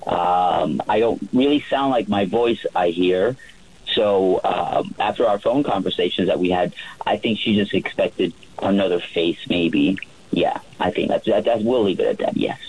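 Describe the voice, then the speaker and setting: A man who works as a yacht chef, telling a relaxed story on the radio with many fillers and restarts. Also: deep voice, a little slow, breathy edge, low-quality recording.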